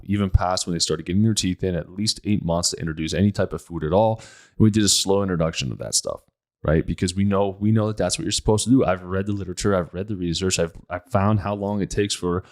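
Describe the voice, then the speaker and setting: Blunt, emphatic low-voiced man. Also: darkish tone. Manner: emphatic and blunt, repeats points. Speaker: podcast host. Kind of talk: casual podcast monologue.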